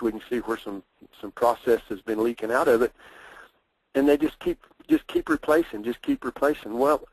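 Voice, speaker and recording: A man's voice: medium pitch, no room sound, low-quality recording. A man presenting a technical training webinar, plainspoken and repeating his key points for emphasis.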